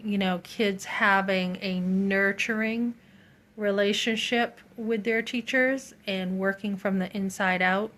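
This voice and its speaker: A middle-aged woman vlogs straight to her viewers in an earnest, indignant tone. She leans hard on the words she wants to stress and keeps breaking into quoted thoughts of her own. Her voice sits at an ordinary pitch for a woman. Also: fairly bright tone. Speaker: vlogger. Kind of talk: casual storytelling to camera.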